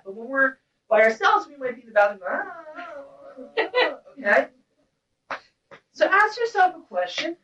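High-pitched woman teacher going hard at her class, blunt, wailing out sounds, far off mic, dull lo-fi sound. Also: fairly bright tone. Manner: intense, blunt, breaks into wordless vocal cries. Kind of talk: impassioned lecture to a class. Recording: roomy, distant, dull-sounding recording.

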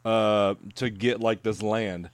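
A man's voice: fairly low pitch, fairly even intonation, takes it slowly, smooth, no echo. A man chatting casually about movies, rambling with lots of fillers and swearing.

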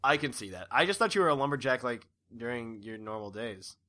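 Bright-voiced casual male podcast host. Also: mid-range voice, lively intonation, brisk. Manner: laid-back, rambling, laughs often. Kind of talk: casual chat.

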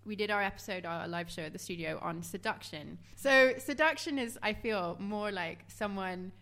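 A woman's voice: mid-range voice, normal speed. Chatty woman hosting. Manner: laughs often, reacts warmly. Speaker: podcast host. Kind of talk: casual chat.

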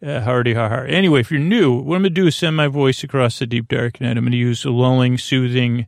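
A man hosting a sleep podcast, talking in a meandering way with lots of fillers and restarts, with a creaky voice. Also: medium pitch, quick pace, dry recording, studio quality. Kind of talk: rambling bedtime monologue.

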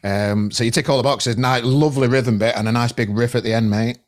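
A man hosting a casual interview podcast, easygoing and quick to laugh along. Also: mid-range voice, fairly even intonation. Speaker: podcast host.

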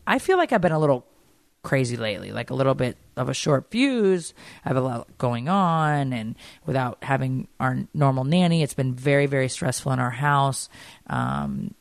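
Chatty gravelly-voiced woman host. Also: a bass voice, moderate pace, no room sound. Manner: animated storyteller, chatty. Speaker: podcast co-host. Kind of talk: casual chat.

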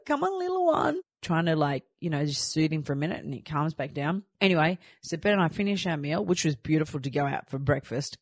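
A woman's voice: low voice, a little mellow, no room sound, clean studio sound. An Australian woman in her thirties hosting a podcast, telling stories in a chatty way and acting out what she said. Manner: chatty storytelling, acting out her own lines. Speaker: podcast host. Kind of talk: casual chat.

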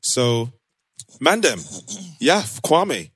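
Low-voiced man hosting a podcast chat. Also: moderate pace, no room sound, clean studio sound. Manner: relaxed, laughs often, uses slang. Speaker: podcast host. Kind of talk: casual chat.

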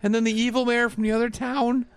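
A man's voice: very high voice, level tone, fast, noisy background. A man in his thirties chatting casually as a podcast co-host, swearing freely and slipping into mock-exasperated asides. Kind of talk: casual chat.

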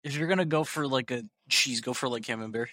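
A man's voice: medium pitch, quick pace, sharp tone, no room sound, clean studio sound. Blunt joking man, casual chat.

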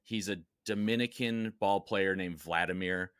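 A man with a slightly low voice co-hosting a podcast in upbeat, eager chat. He explains patiently and reacts with enthusiasm. The sound is dry and close on the mic. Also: a little slow, fairly bright tone, smooth, no echo. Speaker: podcast co-host.

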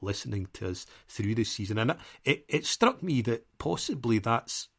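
A man's voice: medium pitch, expressive, normal speed, gravelly, fairly bright tone, slightly rough. A man co-hosting a football podcast, chatting casually in a rambling, self-deprecating way and laughing often. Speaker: podcast co-host.

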